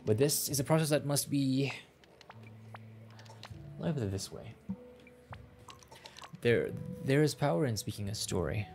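A man voicing a gentle, patient old grandfather in a game, speaking in a slow, measured, solemn way. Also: mid-range voice, animated, creaky, faint music behind.

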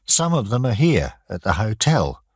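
A man's voice: on the low side, big pitch swings, moderate pace, husky, dry recording, clean studio sound, voice pushed up. A man voicing a helpful townsperson who explains things sympathetically in a storybook reading. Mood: sympathetic. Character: helpful townsperson answering at a hotel.

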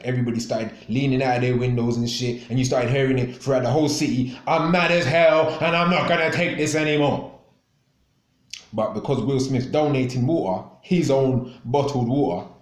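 Male radio host on an angry, sweary rant, mid-pitched voice, echoey room. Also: mellow. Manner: angry, profane, repetitive. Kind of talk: ranting monologue.

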